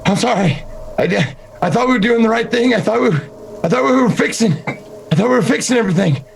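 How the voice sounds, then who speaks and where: A man's voice: medium pitch, a little fast, gravelly, slight background noise, natural voice. A man playing a terrified young man who stammers out repeated apologies. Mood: panicked pleading.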